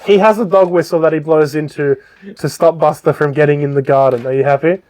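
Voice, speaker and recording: Slightly high-pitched and a little fast, this podcast co-host speaks with fairly even intonation and a darkish tone. His retelling of a book's plot is loose and meandering, full of ums and swearing.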